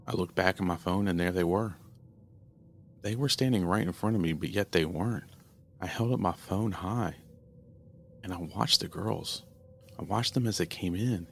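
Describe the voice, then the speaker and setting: A man narrating a first-person horror story in a steady, earnest storytelling manner. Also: low-pitched, normal speed, vocal fry, pauses often, a little hiss or hum.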